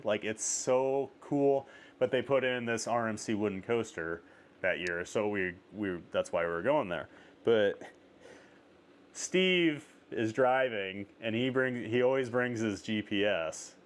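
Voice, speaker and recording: A man hosting a casual interview, telling a travel story with lots of "like" fillers and rising excitement. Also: on the low side, clear, resonant tone. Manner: animated storyteller, many "like" fillers. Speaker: podcast host.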